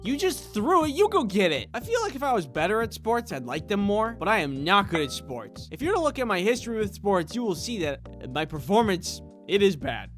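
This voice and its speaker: A man's voice: high voice, big pitch swings, a little fast, hardly any pauses, fairly bright tone, soft background music. A young man telling a comedic personal story in a sarcastic, exasperated, self-deprecating way. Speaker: animated storytime creator.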